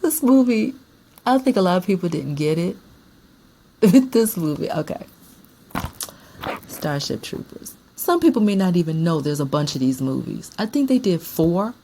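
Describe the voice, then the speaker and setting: A woman's voice: fairly low pitch, big pitch swings, moderate pace, pauses often, mellow, slight background noise. A woman chatting casually about her movie collection as a vlogger, emphatic and repeating herself for effect. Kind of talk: casual chat about films.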